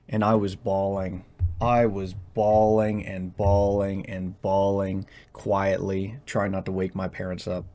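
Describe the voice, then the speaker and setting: A young vlogger gives a tense, personal confessional monologue, halting and hesitating as he hunts for words. His voice is low and dark, and his delivery is flat.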